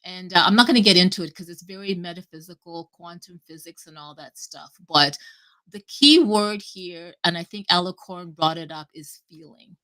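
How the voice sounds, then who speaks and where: A woman talking casually and at length on a live audio chat, rambling and animated, cutting herself off and swearing freely. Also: fairly low pitch, normal speed. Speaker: guest speaker.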